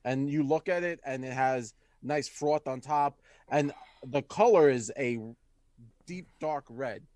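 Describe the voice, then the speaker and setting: A man running a tabletop game, narrating scenes in a measured, descriptive way. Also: mid-range voice, darkish tone, dry recording. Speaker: game master.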